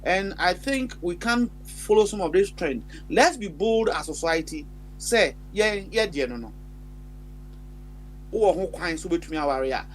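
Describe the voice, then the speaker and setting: A man with a Ghanaian accent telling a story in animated chat, switching between English and Twi and laughing often. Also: high voice, measured pace, slight background noise, poor audio.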